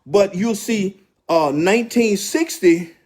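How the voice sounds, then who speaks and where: A man with a high, slightly mellow voice speaks at a slow pace. He's hosting a casual credit repair livestream, addressing his viewers directly, emphatic and repeating himself often.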